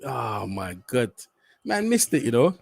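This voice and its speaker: A young man reacting live to a football penalty shootout, swearing, muttering tensely and then shouting. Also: medium pitch, big pitch swings, unhurried, gravelly, faint music behind. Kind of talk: live watch-along reaction.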